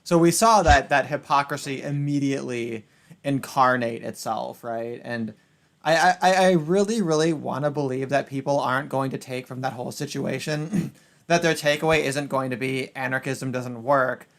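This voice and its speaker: A man's voice: moderate pace, gravelly. Sarcastic man ranting on a stream. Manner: sarcastic, crude, jumps between loud outbursts and low mutters. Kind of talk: casual political chat.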